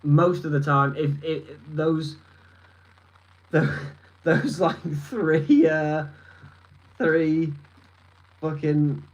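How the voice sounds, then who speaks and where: Sitting at his desk in his room, a Lancashire-accented man from northern England, in his twenties, rambles and swears while replying to a casual live stream chat. His voice is slightly high, and he draws words out and pauses often. The audio quality is poor.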